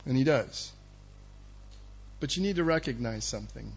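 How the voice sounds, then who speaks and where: A man's voice: mid-range voice, expressive, normal speed, creaky, husky, highs cut off. A male pastor preaching a sermon in a conversational, punchy way, quizzing his listeners.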